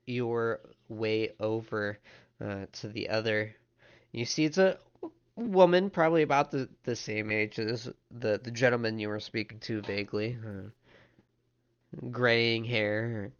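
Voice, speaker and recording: A man running a tabletop game, narrating in an unhurried way with frequent stumbles and restarts. His delivery is slow and even. The audio is somewhat dull and lo-fi. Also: medium pitch, clear, resonant tone. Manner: stammering restarts while narrating. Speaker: game master.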